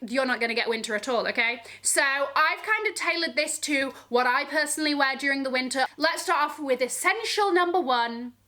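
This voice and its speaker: A woman's voice: high voice, bright, forceful tone. A woman vlogging about fashion, sassy and gushing, full of slang and frequent "okay?" check-ins. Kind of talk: casual to-camera fashion chat.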